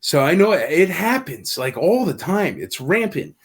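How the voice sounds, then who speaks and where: A man's voice: fairly high pitch, moderate pace, slightly rough. A man telling stories in a casual podcast chat, acting out quoted dialogue as he goes. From Nashville area. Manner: animated storyteller, acts out quoted dialogue. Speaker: convention organizer guest.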